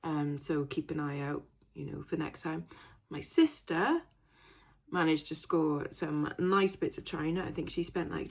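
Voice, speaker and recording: A young woman chatting casually to camera in a rambling vlog, full of fillers and asides. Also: low-pitched. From Wales. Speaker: resale vlogger.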